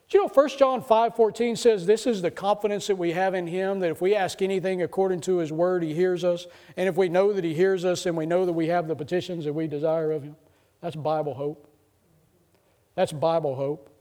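High-voiced middle-aged pastor preaching. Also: male voice. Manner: conversational testimony rising to excited preaching. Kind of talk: sermon.

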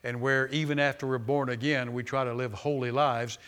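A man preaching a sermon in a church, emphatic and repeating phrases for stress, rising to loud exclamations. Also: medium pitch, little pitch movement, brisk, smooth.

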